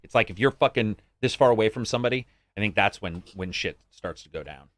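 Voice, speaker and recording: A man's voice: quick pace, no room sound. A man from the United States co-hosting a podcast, chatting casually and swearing freely. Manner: animated, swears freely, acts out greetings in a higher voice. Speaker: podcast co-host. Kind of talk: casual chat.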